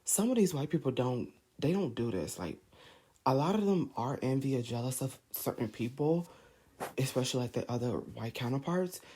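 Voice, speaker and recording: A man rants to his camera, firing one heated rhetorical question after another. His voice is husky and sits at a middle pitch. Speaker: vlogger. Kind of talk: ranting to camera.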